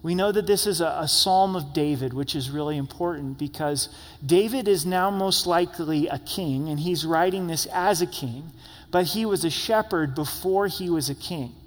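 A man's voice: a little high, moderate pace, long reverb tail. A man in his young adult years preaching an earnest, conversational sermon at a church service, often repeating words as he speaks. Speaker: pastor.

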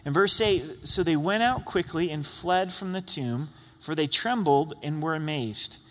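A middle-aged male pastor preaches with earnest force and bursts into loud exclamations now and then. His voice is bright and sits a little high for a man. A long reverb hangs after each phrase. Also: a little slow. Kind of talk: sermon.

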